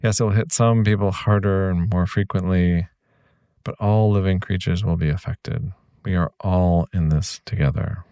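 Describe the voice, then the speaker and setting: Low gravelly man, earnest podcast host. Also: steady tone, moderate pace, mellow, dry recording. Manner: earnest, reassuring direct address to the listener. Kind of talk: reflective podcast monologue.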